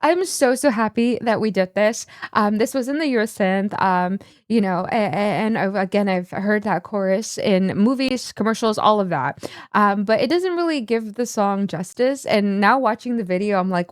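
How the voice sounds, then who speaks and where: A woman's voice: mid-range voice, normal speed, no echo, clean studio sound. A woman hosting a music reaction video, talking in a chatty, gushing way with lots of filler words. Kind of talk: casual reaction commentary.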